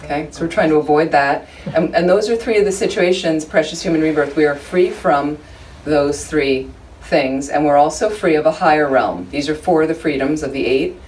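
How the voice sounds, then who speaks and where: Woman dharma teacher, low voice, informal and joking, picked up from across the room, faint hiss. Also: normal speed, few pauses, a little mellow. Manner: chatty, humorous, conversational with frequent asides. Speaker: Buddhist study group teacher. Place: room with a small group of listeners. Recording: distant room recording, faint background noise.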